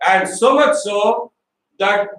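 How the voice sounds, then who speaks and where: A high-pitched man preaches from a distance in a roomy, echoing hall, with faint ambient noise behind him. He retells the story with lively storytelling, voices the characters himself and checks in with his listeners as he goes. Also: slow pace. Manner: storytelling, acts out quoted voices, asks the congregation questions. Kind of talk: animated sermon. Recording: echoey hall, recorded from far off.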